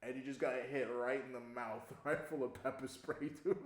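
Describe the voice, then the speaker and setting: A young man casually telling a long story on a podcast, animated, laughing often and swearing freely. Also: medium pitch, normal speed, crowd noise. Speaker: podcast co-host. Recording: echoey room.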